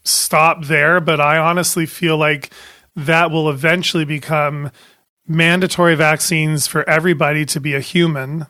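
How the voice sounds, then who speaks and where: A man co-hosting a podcast in a small studio, chatting casually and rambling, quick to laugh. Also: a little high, flat delivery, bright, forceful tone, no echo. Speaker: podcast co-host.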